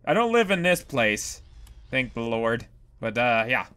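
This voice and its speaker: A man doing horror game commentary, jumpy and swearing, swinging between loud yelps and low muttering. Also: very animated, measured pace, clean tone. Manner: jumpy, loud exclamations and cursing. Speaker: gaming YouTuber.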